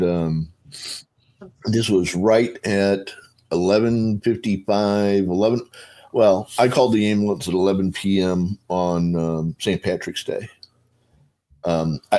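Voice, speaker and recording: Middle-aged man, lowish voice, rambling animated storyteller with fillers. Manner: rambling, animated, acts out voices in his retelling. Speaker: panelist. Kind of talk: casual storytelling on a video call panel.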